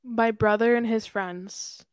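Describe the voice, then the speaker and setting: A woman's voice: fairly high pitch, fairly even intonation, slow, clear, resonant tone, no echo. A young woman in college co-hosting a podcast, chatting casually with self-mocking asides. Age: young adult. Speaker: podcast co-host. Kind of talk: casual chat.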